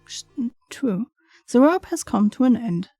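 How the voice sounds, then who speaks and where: A woman's voice: on the high side, sing-song, unhurried, mellow, breathy edge, dry recording, soft background music. A young woman playing through a game, reading its text aloud with chatty, giggly asides. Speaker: gaming streamer.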